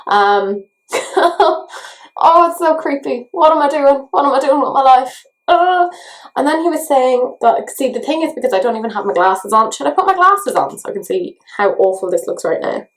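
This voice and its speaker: A woman's voice: sits high, expressive, moderate pace. Woman, Irish accent, self-mocking, chatty, makeup tutorial vlog. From Ireland. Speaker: beauty vlogger. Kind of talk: casual makeup tutorial chat.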